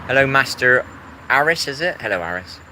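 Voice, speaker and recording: A man's voice: mid-range voice, expressive, brisk, bright, forceful tone. Rambling English man with traffic behind. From England. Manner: meandering, repeats himself, greets chat viewers. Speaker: live streamer. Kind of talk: rambling live-stream chat.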